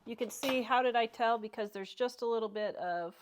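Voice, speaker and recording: A woman's voice: on the high side, brisk, noisy background. A middle-aged woman hosting a casual home cooking demonstration, chatty and homey, gushing over the food in her kitchen. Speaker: cooking show host.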